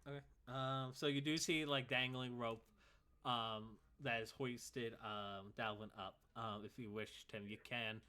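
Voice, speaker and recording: A man running a tabletop game as game master, with an average voice. He narrates in a relaxed, easygoing way, with many fillers and pauses. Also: medium pitch, clean tone.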